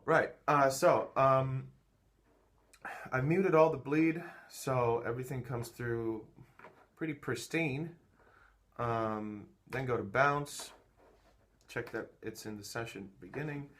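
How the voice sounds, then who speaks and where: Guy walking thru his setup, slow and unhurried, lots of ums and restarts, recorded on his phone. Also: mid-range voice. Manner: halting, thinking aloud with many fillers and restarts. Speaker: music producer showing his workflow. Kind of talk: casual how-to walkthrough.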